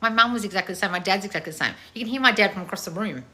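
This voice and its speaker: A woman in her thirties, a channel host reading viewer comments in a loud, blunt, casual way and swearing freely. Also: mid-range voice, very fast. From family of Croatian heritage. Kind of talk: casual live chat.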